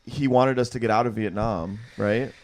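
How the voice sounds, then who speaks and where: A man hosting a podcast, chatting casually, excitable and quick to argue back in disbelief. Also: fairly low pitch. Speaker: podcast host. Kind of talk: casual comedic podcast banter.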